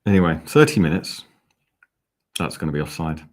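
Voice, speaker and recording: A man's voice: sits low, sing-song, moderate pace. A man hosting a live football fan watch-along, calling the play and chatting back to viewer comments. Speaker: fan channel host.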